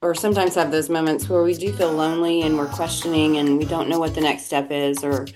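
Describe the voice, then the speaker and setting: A woman's voice: sits low, flat delivery, fairly quick, a little mellow, faint music behind. A woman co-hosting a podcast, curious and encouraging toward her guest. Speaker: podcast co-host. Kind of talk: casual interview chat.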